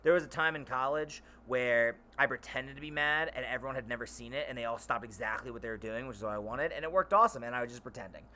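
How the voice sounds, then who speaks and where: A young man hosting his channel, rambling loudly and animatedly in a casual monologue. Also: mid-range voice, fast talker, few pauses, a little hiss or hum. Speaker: channel host.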